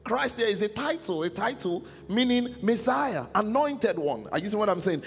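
A man's voice: high-pitched, big pitch swings, moderate pace, vocal fry, long reverb tail, faint music behind. A man preaching a sermon who keeps asking the congregation if they follow him, in call-and-response.

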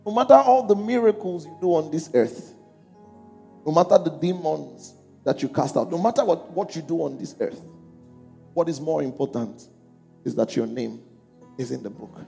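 With a fairly high, mellow voice touched by vocal fry, a pastor gives a sermon the congregation reads along with. He throws questions to them and reads scripture with a raised voice. The recording carries music under a long hall echo.

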